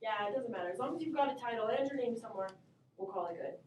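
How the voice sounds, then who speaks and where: A woman teaching math to a classroom in a high, bright voice, upbeat and encouraging as she calls on students. She sounds far from the mic, her voice bouncing around an echoey room with faint class murmur behind her. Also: racing, slight background noise.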